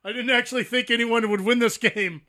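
A man co-hosting a casual movie podcast, tossing out quick quips and laughing banter. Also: very high-pitched, fairly even intonation, pushed and bright. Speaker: podcast co-host.

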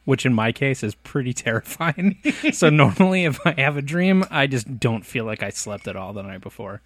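A man's voice: mid-range voice, lively intonation, moderate pace, no echo. A man hosting a casual podcast, joking crudely and laughing often. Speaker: podcast host.

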